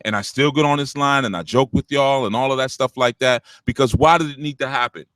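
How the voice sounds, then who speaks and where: A man with a deep, punchy voice, preaching blunt spiritual talk to callers on his show, animated and swearing freely. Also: brisk, no echo. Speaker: spiritual teacher hosting a call-in show.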